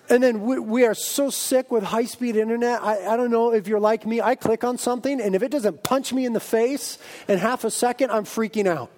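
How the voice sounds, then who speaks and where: A man preaching a sermon as a pastor, lively and humorous, acting out exaggerated voices of his listeners. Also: very high voice, moderate pace. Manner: animated, acts out comic voices of his congregation.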